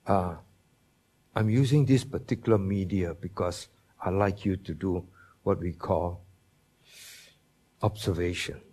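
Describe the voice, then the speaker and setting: In a Bible teaching sermon, a man with a low, dark, husky voice preaches slowly and deliberately. He leans hard on each quoted promise and puts questions to his listeners.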